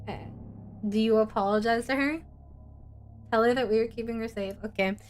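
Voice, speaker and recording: A woman's voice: a little high, a little fast, soft background music. A woman streamer narrating an interactive horror story for her viewers as game master, in a playful, teasing way as she reads out chat comments.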